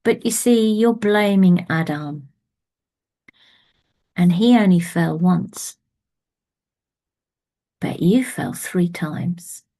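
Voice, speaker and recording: A woman doing wise Abigail, hushed and firm. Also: lowish voice, drawn-out words, pauses often. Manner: hushed, near-whispered.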